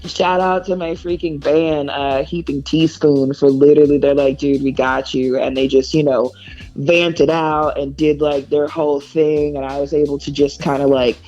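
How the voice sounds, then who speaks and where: A woman musician spins a lively tour story in a relaxed interview. She laughs often and slips into acting out what everyone said. The sound is a little dull, with soft music in the background. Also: deep voice, moderate pace. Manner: animated, laughs often, acts out others' lines. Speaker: musician guest.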